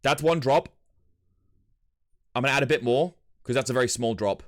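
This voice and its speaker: A livestreamer tastes hot sauce on a live stream, talking very fast in a mid-range voice. His running commentary is animated, and he keeps complaining about the heat.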